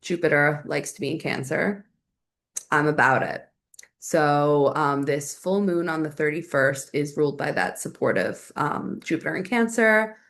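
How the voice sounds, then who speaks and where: A woman's voice: sits low, lively intonation, unhurried, a bit bright. A young adult woman hosting a solo astrology podcast, chatting casually and thinking aloud with lots of fillers.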